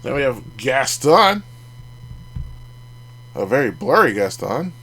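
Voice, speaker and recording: A man's voice: mid-range voice, sing-song, slow pace, a bit bright, slightly rough. A man hosting a casual card review vlog, chatty and making jokey asides as he goes. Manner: chatty, jokey asides, laughs at own remarks. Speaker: card collecting channel host.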